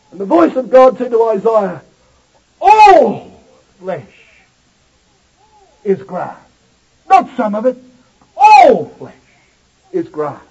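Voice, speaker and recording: A man preaching a sermon to his congregation, with an emphatic delivery that swells loud and drops low. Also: husky. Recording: dull lo-fi recording.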